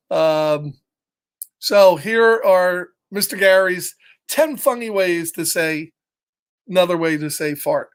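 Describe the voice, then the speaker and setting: A man reading a picture book aloud to children, playful and chatty, chuckling often and greeting listeners by name. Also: high-pitched. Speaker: children's storytime reader.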